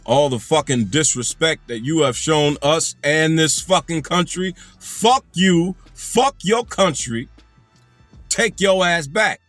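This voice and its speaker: A man's voice: fairly high pitch, takes it slowly, fairly bright tone, no echo, soft background music. Angry, profane ranting man. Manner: angry, emphatic, heavy profanity, repeats phrases for emphasis. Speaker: commentary channel host.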